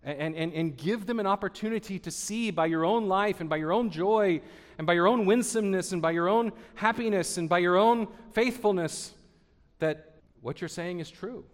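This forties-aged pastor has a high-pitched voice and a moderate pace. He preaches earnestly in the sanctuary, circling back over his words as he climbs toward emphatic high points, all wrapped in long hall reverb.

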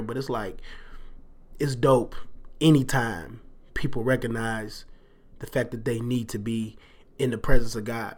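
A man hosting a casual faith podcast, talking in a loose, rambling, slangy way with sarcastic asides and frequent laughs. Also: mid-range voice. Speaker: podcast host.

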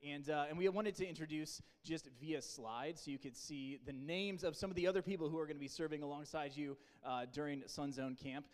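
A young man with a fairly high voice gives a playful, teasing pep talk to a room of teen volunteers. His voice rings with a long reverb in a large indoor hall. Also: brisk, hardly any pauses. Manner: playful teasing, loud and coaxing. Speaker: camp leader training teen volunteers. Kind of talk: energetic pep talk to a group.

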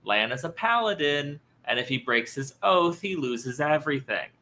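A man co-hosting a casual book-discussion podcast, weighing each point out loud in a thoughtful way. His voice is bright and moves a lot in pitch. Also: lively intonation, normal speed. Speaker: podcast co-host.

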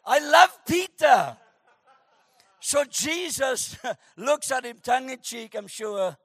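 Male pastor, high bright voice, joking sermon delivery with shouted emphasis. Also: animated, a little slow, breathy edge, dry recording.

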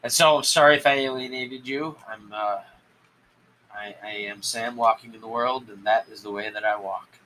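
A man hosting a solo podcast, talking in a rambling, halting way with many restarts. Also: medium pitch, steady tone, sharp tone, slight background noise, rough recording. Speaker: podcast host. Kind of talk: solo political commentary podcast.

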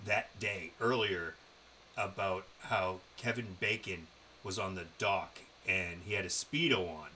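A man's voice: lowish voice, bright, forceful tone, a little hiss or hum, low-quality recording. A man co-hosting a podcast, telling a road-trip story in a loose, profane, casual way. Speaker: podcast co-host. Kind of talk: casual chat.

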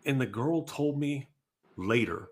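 A man co-hosting a casual podcast chat, talking in a lively, opinionated way and often acting out the people he quotes. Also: mid-range voice, a little slow. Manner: animated, acts out quoted voices. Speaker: podcast co-host.

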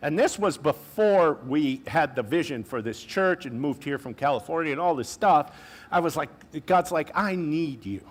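A man with a slightly high voice delivers a sermon as a pastor. He talks to the congregation in a loose, chatty way, full of asides and slang. Now and then he slows right down to lean on a key phrase. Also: expressive. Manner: conversational, with casual asides and slang; preaching with slow emphatic stresses on key phrases.

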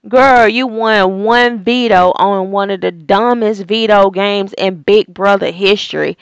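A woman's voice: medium pitch, steady tone, a little slow, few pauses, clean tone, no room sound, muffled recording. A woman giving a casual, opinionated reality TV recap, sassy and exasperated, firing off rhetorical questions.

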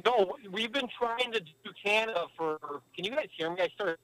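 A man's voice: high-pitched, normal speed, a bit bright, dry recording, low-quality recording. A man as a podcast guest, telling rambling stories in casual chat, swearing a lot and leaning on filler words, calling in remotely while driving. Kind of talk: casual storytelling. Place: driving in a car.

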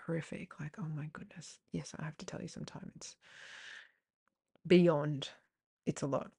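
A woman hosts a candid personal podcast in a lowish, gravelly voice full of vocal fry. She rambles frankly, swears now and then, and circles back through tangents and fillers. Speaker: podcast host.

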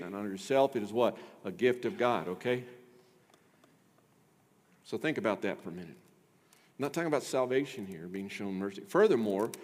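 A man's voice: medium pitch, long reverb tail. A male pastor preaching a sermon with emphatic delivery, putting rhetorical questions to his congregation.

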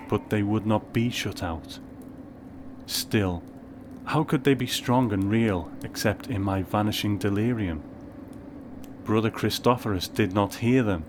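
A man narrating a first-person story in a measured, wry way. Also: on the low side, background noise.

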